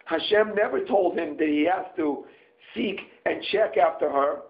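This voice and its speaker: A man's voice: high-pitched, unhurried. A man giving a Torah study lesson, reading Hebrew phrases aloud and translating them into English line by line. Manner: reads Hebrew text then translates phrase by phrase. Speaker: Torah teacher. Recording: tinny phone-like sound.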